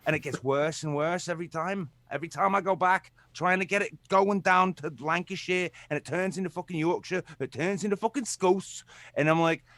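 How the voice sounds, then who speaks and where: A man in casual podcast chat, talking excitably and ranting with a lot of swearing. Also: high-pitched, brisk, no echo.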